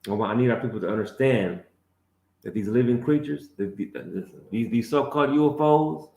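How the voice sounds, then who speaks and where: A man's voice: mid-range voice, brisk, creaky, warm tone. A man preaching a fiery sermon, leading a class and calling out prompts to a reader. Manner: emphatic, calls out prompts, tags lines with "man". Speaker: lead teacher of the class. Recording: echoey room.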